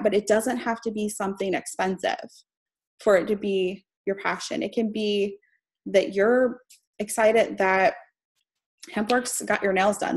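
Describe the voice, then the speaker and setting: Chatty, heartfelt young woman mentor. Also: medium pitch. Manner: chatty and heartfelt, laughs between phrases. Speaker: mentor presenting on a live stream. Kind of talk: casual live-stream teaching.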